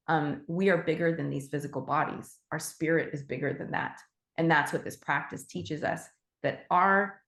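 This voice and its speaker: A woman teaching animal Reiki in a gentle, heartfelt way, with fillers and restarts. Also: on the low side, vocal fry, reverberant. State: emotional. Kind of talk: casual spoken teaching.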